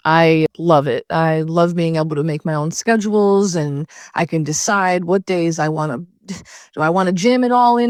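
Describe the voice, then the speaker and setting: A young adult woman talking casually as a podcast guest, her voice sitting a little low. She grows animated and laughs easily as she tells stories. The sound is dry and close, with no room around it. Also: dry recording. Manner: chatty, animated when recounting, laughs often. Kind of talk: casual interview chat.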